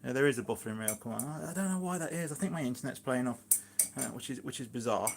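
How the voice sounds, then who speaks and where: A man's voice: medium pitch, lively intonation, quick pace, a little hiss or hum. Rambling chatty Shropshire man. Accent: Shropshire English. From England, Shropshire. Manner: rambling, chatty, many fillers and asides. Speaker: gardening vlogger, live streamer. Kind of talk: casual live-stream chat. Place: at home in his kitchen.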